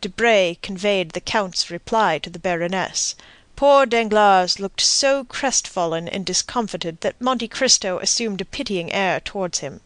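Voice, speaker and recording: A woman narrating a classic novel as an audiobook in a measured, even reading. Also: medium pitch, clean tone, dry recording. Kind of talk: scripted narration.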